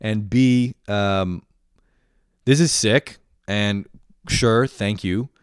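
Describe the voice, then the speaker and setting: A man's voice: on the low side, extremely slow, clean tone, no room sound, studio quality. A young man in his twenties ranting casually and comically, swearing a lot and laughing often. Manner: profane, animated, laughs often. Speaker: vlogger. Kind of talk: casual comedic rant.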